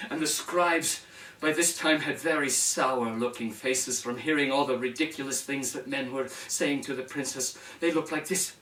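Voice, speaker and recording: A man telling a fairy tale to children, acting out the characters and speaking to his listeners as he goes. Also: mid-range voice. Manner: animated, shifting into character voices and addressing the audience. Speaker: storyteller. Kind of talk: storytelling for children. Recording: roomy sound from a distance.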